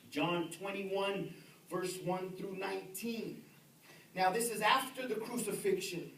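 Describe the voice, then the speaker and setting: Male pastor, emphatic sermon delivery with loud peaks and quiet drops; distant mic, reverberant church room. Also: high voice, fairly even intonation, measured pace, creaky, a little hiss or hum. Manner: swings from shouted emphasis to near-whisper, repeats words. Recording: echoey room heard from a distance.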